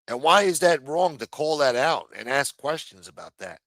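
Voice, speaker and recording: A man's voice: a little high, big pitch swings, normal speed, a bit bright, no room sound. Profane ranting middle-aged man. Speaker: show host. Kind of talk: ranting livestream commentary. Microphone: streaming microphone.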